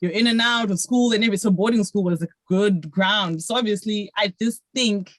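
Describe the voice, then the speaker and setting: A woman's voice: mid-range voice, fairly quick, no room sound. A young woman from Zimbabwe, chatting on a podcast in long, reflective, winding runs full of "like". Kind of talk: casual podcast chat.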